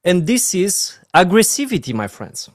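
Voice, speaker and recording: An emotional man with a Romanian accent leads a motivational training session, pleading and heartfelt. His voice sits fairly high for a man, and the sound is dry and close. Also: sing-song, normal speed, no room sound. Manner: earnest, emotional, repeats "my friends" softly. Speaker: network marketing trainer.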